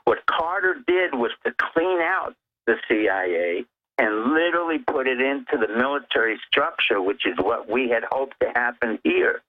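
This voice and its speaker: The tinny phone line carries a guest caller whose medium-pitched voice is animated and paced normally. He lectures emphatically on politics, going through his points in order.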